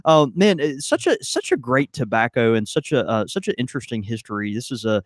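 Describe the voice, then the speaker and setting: A man co-hosting a pipe tobacco podcast in casual chat, quick to laugh and to chime in. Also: mid-range voice, very animated, dry recording, clean studio sound. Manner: quick to laugh, chiming in with agreement. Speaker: podcast co-host.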